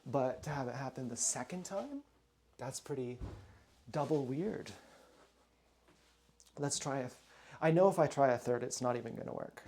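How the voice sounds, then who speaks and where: A man's voice: medium pitch, animated, moderate pace, long pauses, warm tone, a little hiss or hum. A man rambling in a casual, profane monologue from home, drifting between topics and muttering asides. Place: at home indoors.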